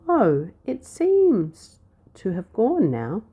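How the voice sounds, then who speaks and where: A woman's voice: low-pitched, sing-song, measured pace, phone-quality sound, exaggerated voice. A woman voicing a mischievous, bossy young girl shepherd in a read-aloud storybook, snapping and telling sweet little lies. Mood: sweetly fibbing. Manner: sharp, snappy and fibbing sweetly.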